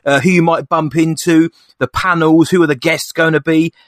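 A young man co-hosting a casual podcast chat, excitable and chatty, calling his friend "mate". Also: a little high, normal speed, no room sound, clean studio sound. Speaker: podcast co-host.

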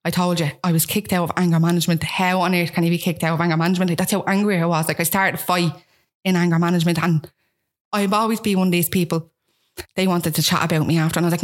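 A young woman from Ireland speaks with a Dublin accent at a fairly low, steady pitch. Appearing as a guest, she recounts her own story quickly and candidly, poking fun at herself and performing other people's lines.

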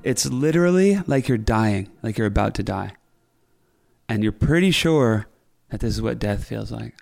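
A man's voice: lowish voice, animated, moderate pace, creaky, a little mellow. A man co-hosting a podcast, chatting casually and earnestly, sometimes dramatic. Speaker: podcast co-host. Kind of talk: casual chat.

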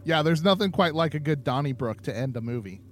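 Guy cohosting a podcast, kinda high voice, jokes around a lot, faint hiss behind. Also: expressive, a little fast. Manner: jokey, laughs often, playful put-on voices. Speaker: podcast co-host. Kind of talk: casual chat.

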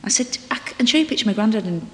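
A woman's voice: medium pitch, lively intonation. Chatty woman in an echoey hall. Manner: chatty, halting, full of restarts and acted-out dialogue. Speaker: actor and guest. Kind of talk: candid conversational interview. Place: library reading room. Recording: roomy echo with long reverb.

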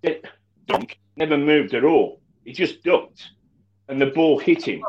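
A man co-hosting a casual fan chat about football, animated and stumbling over his words with many restarts. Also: fairly high pitch, measured pace, lo-fi sound. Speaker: football podcast co-host.

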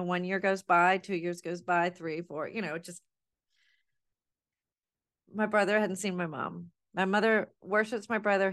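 A woman's voice: medium pitch, a bit bright. A middle-aged woman hosting a personal podcast monologue, talking in an emotional, candid way and stumbling over repeated words. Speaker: podcast host.

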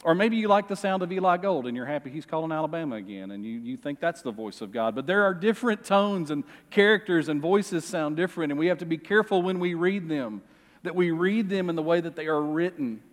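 A middle-aged male pastor preaching a sermon in a church, expressive and joking with the congregation. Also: fairly high pitch, fairly quick. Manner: lively, expressive, jokes with the congregation. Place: church sanctuary. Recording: long reverb of a church hall.

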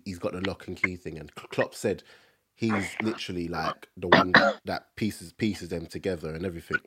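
A young man with a fairly low voice hosts a laid-back football chat over a remote call. He talks loosely, leaning on slang and plenty of fillers. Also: noisy background. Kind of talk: casual chat about football.

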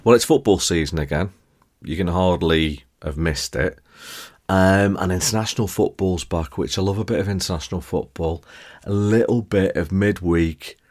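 A man's voice: low-pitched, darkish tone. A man hosting a podcast, talking in a chatty, jokey way and often checking in with listeners. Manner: chatty, jokey, addresses listeners directly with tag questions. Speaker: podcast host. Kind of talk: casual podcast monologue.

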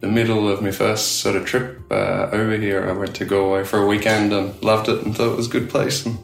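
A man's voice: on the low side, flat delivery, a little fast, creaky, echoey room, soft background music. An Australian man chatting casually as an interview guest, rambling with lots of fillers and laughs. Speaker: tattoo studio owner, guest.

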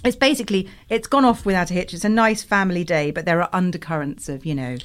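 A woman co-hosting a podcast, recapping a TV series in casual chat, laughing often and jumping to high squeals of delight. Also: quick pace.

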